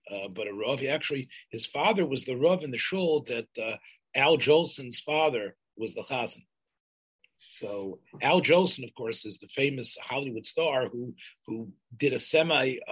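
In an oral history interview, an older man recounts a community's history, often halting and starting over and using Yiddish and Hebrew terms. His voice is husky and medium-pitched, and the audio is poor.

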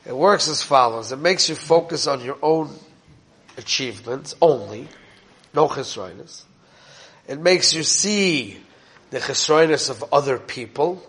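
A man's voice: medium pitch, expressive, a little slow, a bit bright. A man teaching an informal Torah class in a conversational way, often asking his listeners questions and mixing in Hebrew terms.

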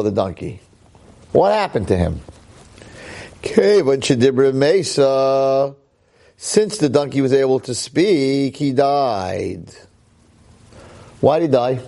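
A rabbi gives an excitable Torah lecture, swinging between low asides and high exclamations. He peppers his talk with Hebrew terms and frequent "right?".

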